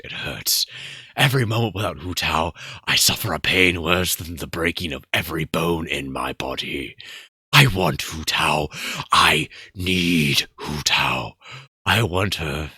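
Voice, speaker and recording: Husky man reading in a hushed, mock-earnest tone. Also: very deep voice, no echo, studio quality. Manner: hushed, breathy devotional delivery. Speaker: YouTuber reading internet posts aloud.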